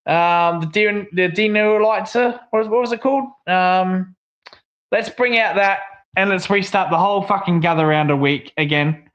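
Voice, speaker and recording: A man's voice: sits high, fairly even intonation, normal speed, fairly bright tone, highs cut off. A young Australian man co-hosting a livestream, chatting casually and ranting with lots of swearing. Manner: swears a lot, rants. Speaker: livestream co-host. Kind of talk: casual stream chat.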